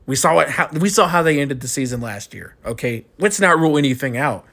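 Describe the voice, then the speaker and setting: A man's voice: on the high side, expressive, fairly quick, vocal fry, sharp tone. Frustrated young man ranting after a loss. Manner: frustrated, ranting, repeats himself. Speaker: college football fan commentator. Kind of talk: postgame rant.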